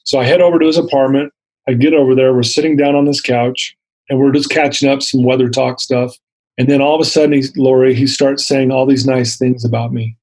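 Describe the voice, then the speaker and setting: A man's voice: medium pitch, steady tone, fairly quick, darkish tone, low-quality recording. Male interview guest in his fifties. Earnest storyteller who acts out the quotes. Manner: earnest, vivid retelling with acted-out quotes. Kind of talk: personal storytelling.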